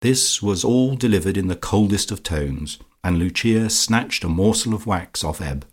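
A man reading a classic novel aloud as an audiobook narrator, with measured, wry storytelling. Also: sits low, animated.

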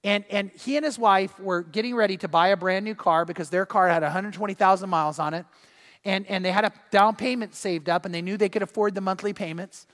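A man preaching a sermon as pastor, telling stories with lively quoted voices. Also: high-pitched, fairly quick, in a large hall. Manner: storytelling with animated quoted voices.

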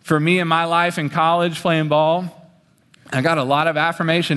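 A young man on a stage preaching a sermon in an animated way, swinging his pitch as he acts out the voices he quotes. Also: normal speed, clear, resonant tone. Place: on a stage in a large hall. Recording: long hall reverb.

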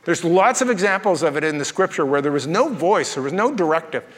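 A man with a notably high voice preaches a sermon from the pulpit, telling folksy stories with jokes. His voice carries a long reverb from a church auditorium. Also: expressive, fairly quick, a bit bright. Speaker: pastor.

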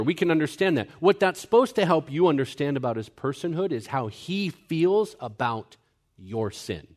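A young-adult man pastor teaching a sermon earnestly, explaining scripture point by point. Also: on the high side. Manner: earnest, mimics people in quoted asides.

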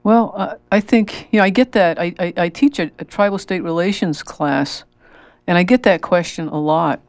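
Call-in host, gravelly and dry, halting delivery full of restarts. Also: mid-range voice, no echo. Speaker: radio talk show host. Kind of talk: call-in radio hosting.

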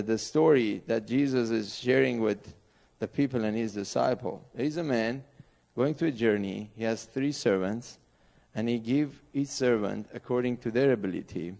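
Iranian-accented man preaching, gravelly voice. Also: mid-range voice, a little mellow. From Iran. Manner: earnest, in broken English with laughs. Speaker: missionary pastor. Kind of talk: sermon. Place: church sanctuary.

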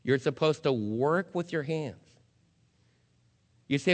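A male pastor delivers a sermon at a measured pace with long pauses, firing rhetorical questions at the congregation. He swings between loud emphasis and low, somber warnings, and the recording has a long hall reverb.

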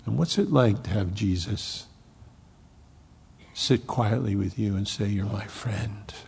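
A man preaching a sermon, swinging from loud emphasis to hushed near-whispers. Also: lowish voice, in a large hall. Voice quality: gravelly, husky voice. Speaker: pastor.

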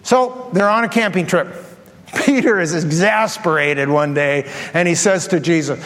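A man preaching a sermon as pastor, telling a story with lively, acted-out asides to his congregation. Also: on the high side, unhurried. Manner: animated storytelling, acts out his own thoughts. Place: large church hall. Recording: long hall reverb.

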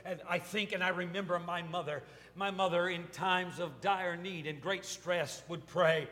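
High-voiced preaching man, ringing hall. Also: fairly even intonation, moderate pace, hardly any pauses, fairly bright tone. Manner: preaching with swelling intensity. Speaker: pastor. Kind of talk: sermon.

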